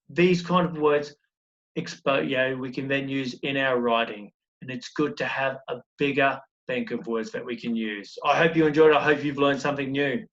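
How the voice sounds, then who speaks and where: A man's voice: medium pitch, fairly bright tone, muffled recording. A man teaching a recorded primary school lesson, explaining step by step and asking encouraging questions.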